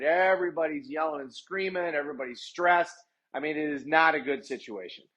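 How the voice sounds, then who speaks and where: A man's voice: medium pitch, fairly bright tone. A man, a lawyer, telling a personal story in a casual way. He is chatty, fills the story with "I'm like" asides, and acts out the people he quotes. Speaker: lawyer sharing personal stories.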